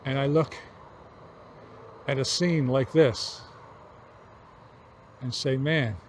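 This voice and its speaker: Middle-aged male vlogger, musing and unhurried, recorded outdoors with a faint hint of ambience. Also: mid-range voice, steady tone, a little hiss or hum. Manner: musing, unhurried, pausing between phrases. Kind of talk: reflective walking vlog chat. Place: outdoors on an evening walk.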